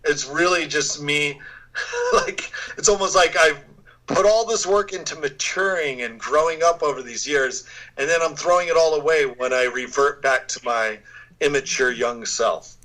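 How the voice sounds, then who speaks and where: A man's voice: fairly high pitch, big pitch swings, moderate pace, pushed and bright, low-quality recording. An American man, a guest actor, chatting casually in an interview and laughing often. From United States. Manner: laid-back, laughs often.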